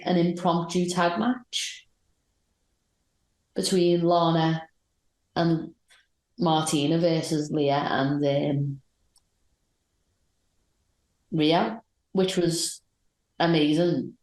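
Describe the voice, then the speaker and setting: Low-voiced woman, roomy sound. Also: steady tone, slow pace, pauses often, a little mellow. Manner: rambling, enthusiastic match recaps. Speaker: podcast co-host. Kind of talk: casual podcast chat.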